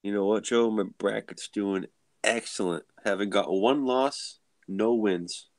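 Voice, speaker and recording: Man, deep voice, gravelly fry, casual chat, laid-back, says "like" a lot, dry sound. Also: a little slow, a little mellow, no echo. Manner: laid-back, heavy use of "like". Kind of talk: casual chat on a live video show. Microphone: video call.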